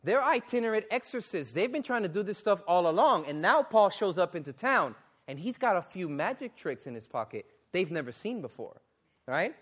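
A man preaching a sermon and reading scripture, exclaiming and questioning the congregation, then dropping to a low, earnest tone for serious points. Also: moderate pace, breathy edge. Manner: animated, exclaiming and asking the audience questions.

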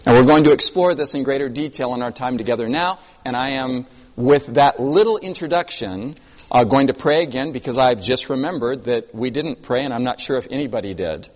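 A man preaching a sermon to a congregation, telling stories expressively and moving between emphatic and soft delivery. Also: mid-range voice, fairly quick. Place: church hall. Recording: long hall reverb.

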